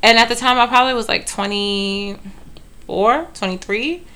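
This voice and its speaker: A woman from Brooklyn telling a bad-date story in casual chat, lively and blunt, with quick bursts. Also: fairly high pitch, clean tone.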